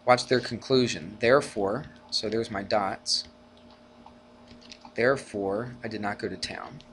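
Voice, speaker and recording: A man's voice: on the low side, unhurried, a little hiss or hum. A man teaching a college algebra class in a casual, conversational way, often checking in with students through rhetorical questions and acting out arguments with rising energy. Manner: animated, acts out arguments in a rising voice. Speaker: math teacher. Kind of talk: classroom lecture.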